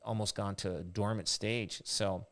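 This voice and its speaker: A man's voice: lowish voice, fairly even intonation, a little slow, fairly bright tone. A man, a realtor hosting a casual podcast chat, telling rambling anecdotes.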